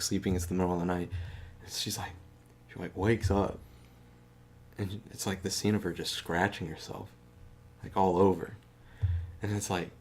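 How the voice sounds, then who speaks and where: A man's voice: fairly low pitch, a little mellow. A man casually retelling a movie he watched, swearing a lot, laughing and acting out the characters' lines. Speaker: podcast co-host.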